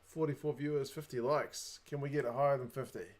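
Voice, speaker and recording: A man's voice: medium pitch, steady tone, fairly quick. Chatty New Zealand man hosting a stream. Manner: chatty, reads viewer comments aloud. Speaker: livestream host. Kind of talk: casual livestream chat.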